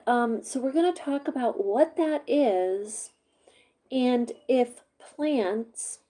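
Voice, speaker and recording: A woman from Vermont chatting casually to her camera, rambling with many fillers, her voice a little hoarse as she works through a cough drop. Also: mid-range voice, mellow, poor audio. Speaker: vlogger.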